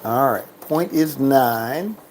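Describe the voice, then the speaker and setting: A man's voice: mid-range voice, slow pace, a little mellow, slight background noise. A man giving casual, joking commentary while playing a craps game, chatting to himself and counting bets and chips aloud.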